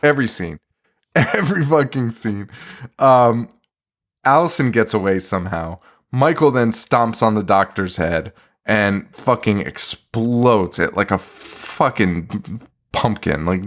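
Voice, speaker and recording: This co-host's voice is fairly low, expressive and slow as he recaps a film scene by scene. It's a casual movie review chat full of swearing and incredulous laughter.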